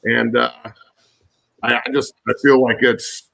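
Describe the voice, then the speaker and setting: Gravelly, a bit bright and medium-pitched, his delivery is flat and a little slow, and the audio quality is poor. The speaker, a man in his forties and ex-pro football player, is a podcast guest ranting angrily and swearing in casual conversation.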